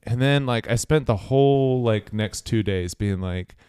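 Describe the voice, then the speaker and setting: A man co-hosting a podcast, chatting casually in a wry, rambling, low-key way. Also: unhurried, darkish tone, clean tone. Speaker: podcast co-host. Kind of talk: casual chat.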